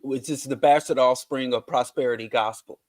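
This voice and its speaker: A man's voice: mid-range voice, fairly even intonation, moderate pace, no room sound. A man, a podcast guest, arguing his points emphatically in a casual discussion. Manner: emphatic, argumentative.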